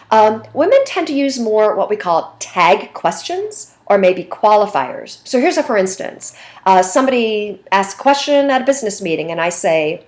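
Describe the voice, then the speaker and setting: A middle-aged woman teacher giving a recorded lecture in a conversational way, with frequent fillers. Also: medium pitch. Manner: conversational, with fillers and slide references.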